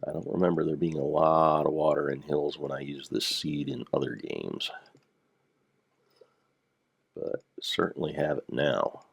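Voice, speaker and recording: An older man with a gravelly voice, rambling through casual gameplay commentary with dry dad jokes. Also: very deep voice, unhurried, pauses often. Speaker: Minecraft let's player.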